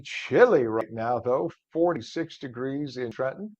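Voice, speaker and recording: A man's voice: mid-range voice, lively intonation, measured pace, darkish tone, no room sound. A man hosting a live morning news and talk show, chatty and upbeat. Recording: dull, dry studio sound.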